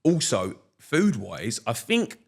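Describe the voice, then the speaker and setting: A young man, a podcast guest telling stories in casual chat, slangy and animated, laughing often. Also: medium pitch, takes it slowly, creaky.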